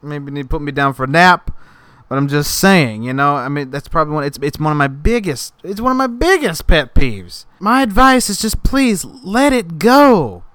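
A man's voice: a little high, sing-song, moderate pace, a bit bright, dry recording. A man hosting a comedy podcast, ranting in mock outrage about pet peeves and acting in silly sketches. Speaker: podcast host.

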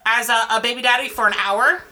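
A woman's voice: a little high, a little fast, a crowd in the background. A woman co-hosting a podcast in casual, giggly, self-deprecating chat. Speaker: podcast co-host.

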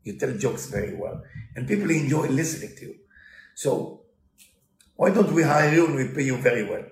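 A man's voice: mid-range voice, very animated, normal speed, creaky. A man voicing the businesslike people who hire a rabbi and set terms. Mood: persuasive. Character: businesslike church hirers making a deal. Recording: roomy echo.

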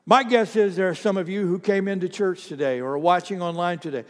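Older male pastor in reverberant church. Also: sits high. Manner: storytelling, halting restarts, rising to emphatic calls. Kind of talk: sermon with personal story. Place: church sanctuary. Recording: long reverb of a church hall.

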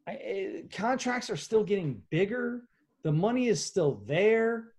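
Animated opinionated sports talk man. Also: high-pitched, moderate pace. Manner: animated, opinionated, rambling restarts.

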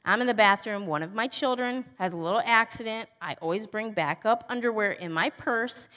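A woman telling a funny personal story in a casual, exasperated, animated way. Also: mid-range voice, fairly quick. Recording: long hall reverb.

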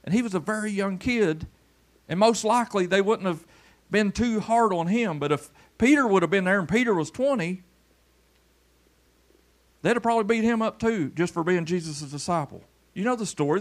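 At a moderate pace, a male Kentucky pastor preaches a down-to-earth sermon in church, calling people up front for a demonstration. He shifts back and forth between loud calls and low murmurs.

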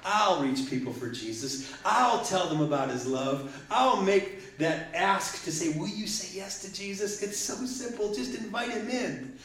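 Animated preacher in an echoey church. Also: male voice, sits high, a little slow. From Detroit. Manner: animated, swings from loud exclamations to soft asides. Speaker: pastor. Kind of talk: sermon. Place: church sanctuary. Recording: echoey room.

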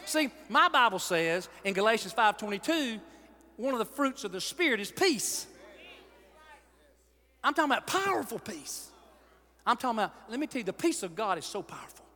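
Man, pastor, sermon, high voice, very lively pitch, shouts and hushes, long reverb. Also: normal speed, pauses often. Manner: animated, swings from shouting to hushed. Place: large church hall.

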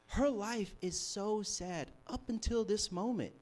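Young guy preaching, lively storytelling, gets quiet then loud, voice on the higher side. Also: a little slow, few pauses. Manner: animated storytelling, swings from hushed to shouting. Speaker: campus ministry preacher. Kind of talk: sermon.

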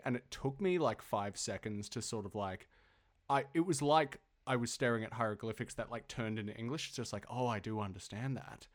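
An Australian man co-hosting a podcast in casual chat, rambling with many fillers and the odd swear. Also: medium pitch. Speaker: podcast co-host.

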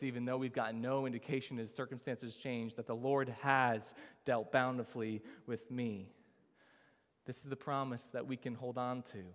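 A man preaching a sermon, building emphasis and asking rhetorical questions of the congregation. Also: medium pitch. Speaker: pastor. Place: church sanctuary. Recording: long reverb of a large hall.

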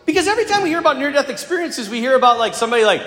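A male priest delivers a homily in a lively, high-pitched voice that swings up and down as he tells his story. He keeps it conversational, with casual asides to the congregation. The sound carries long echoes from a large church hall. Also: very fast. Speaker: Catholic priest.

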